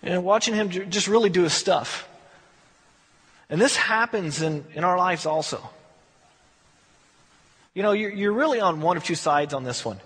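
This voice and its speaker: A man's voice: high-pitched, normal speed, pauses often, breathy edge, in a large hall. A man teaching a verse-by-verse Bible study in a folksy, conversational way, acting out the quotes. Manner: folksy, animated, acts out quotes.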